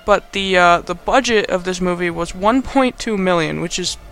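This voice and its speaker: A man's voice: high voice, normal speed, fairly bright tone, smooth. A young man hosting a podcast, giving a casual movie recap in a rambling, sarcastic way. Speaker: podcast host.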